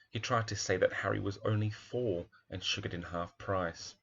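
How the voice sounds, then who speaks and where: Gravelly deep-voiced man teaching a book. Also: moderate pace, hardly any pauses, muffled recording. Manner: reflective, talks with many fillers and restarts. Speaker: primary teacher analysing a picture book. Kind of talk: teaching commentary on a children's book.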